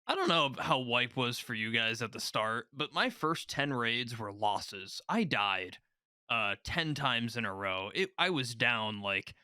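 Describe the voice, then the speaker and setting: A man co-hosting a gaming podcast, telling stories in a loose, animated way. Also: mid-range voice, unhurried, clear, resonant tone, no echo, clean studio sound. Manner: animated storyteller, laughs through his stories. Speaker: podcast co-host. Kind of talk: casual gaming podcast chat.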